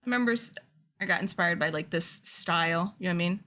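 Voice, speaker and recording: A woman's voice: fairly low pitch, quick pace, pushed and bright. A woman chatting casually and rambling a little while she paints a small figure on a livestream. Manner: chatty, rambling, laughs easily. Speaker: art streamer.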